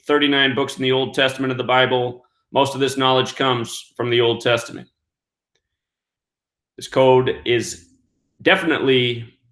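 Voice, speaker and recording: A man's voice: medium pitch, sharp tone. A man hosting an online show, giving an emphatic monologue that counts out numbers and asks rhetorical questions. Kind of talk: monologue commentary. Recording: roomy echo.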